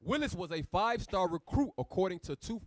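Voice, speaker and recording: A man reading news articles aloud in a plain, steady way. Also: high-pitched, a little fast, no echo, clean studio sound. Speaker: reader of texts for the teacher.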